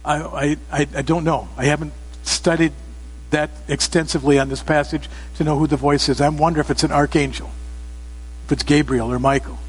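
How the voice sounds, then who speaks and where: High-voiced man preaching in an echoing hall. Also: little pitch movement, brisk, husky. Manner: emphatic, rising to loud exclamations. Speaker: pastor. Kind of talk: sermon. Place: church sanctuary. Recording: long reverb of a church hall.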